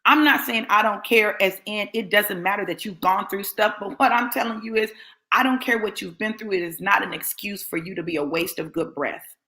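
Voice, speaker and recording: A woman's voice: mid-range voice, fairly quick, sharp tone. A woman delivers a fiery sermon. She is blunt and confrontational, driving each point home through emphatic repetition. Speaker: motivational preacher.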